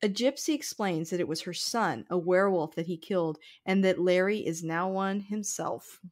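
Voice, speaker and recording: A woman's voice: fairly low pitch, moderate pace, darkish tone. A woman co-hosting a casual film podcast, chatty with many fillers, sometimes reading a synopsis aloud. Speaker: podcast co-host.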